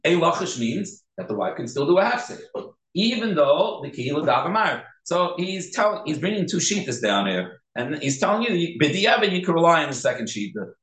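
A man's voice: on the high side, big pitch swings, fairly quick, fairly bright tone, echoey room, rough recording. A man teaching a halacha class in Yeshivish English, explaining step by step and repeating key points. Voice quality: Yeshivish English with Hebrew and Yiddish terms. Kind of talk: Torah class lecture.

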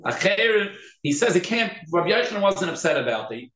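A man teaching a Talmud class, animated and quick, with many restarts. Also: sits high. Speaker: Torah teacher. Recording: echoey room.

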